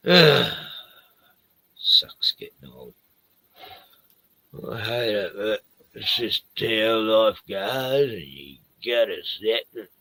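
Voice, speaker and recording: A middle-aged man talks slowly on a late-night stream, his voice gravelly and worn. He sounds tired, rambles from thought to thought and trails off often. He swears freely, and his pitch swings widely. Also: lively intonation, bright, forceful tone, dry recording, poor audio. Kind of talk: casual late-night chat.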